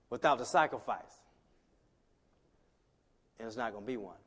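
A man preaching a sermon as pastor, conversational with restarts, swinging from quiet asides to loud emphatic lines. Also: mid-range voice, lively intonation, normal speed, pauses often. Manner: conversational, many restarts and "you know". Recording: long hall reverb.

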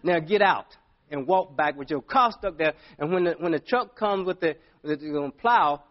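Animated preacher man, lo-fi recording. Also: fairly high pitch, moderate pace. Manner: animated storytelling preacher, swings from loud to hushed. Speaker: pastor. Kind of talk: sermon.

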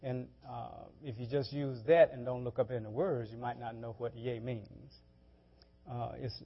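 A man's voice: medium pitch, normal speed. A man preaching a sermon, talking in a loose, conversational way, often repeating words and restarting. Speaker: pastor. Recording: dull lo-fi church audio.

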